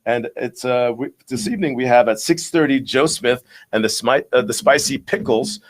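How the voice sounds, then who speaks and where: A man's voice: medium pitch, normal speed. A man hosting a live local show, chatty and upbeat as he lists events. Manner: upbeat, chatty, laughs along. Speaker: show host.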